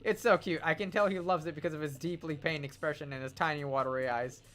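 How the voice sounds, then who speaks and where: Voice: mid-range voice, steady tone, fast talker, fairly bright tone. A streamer playing a dating game, making playful, joking asides in casual commentary.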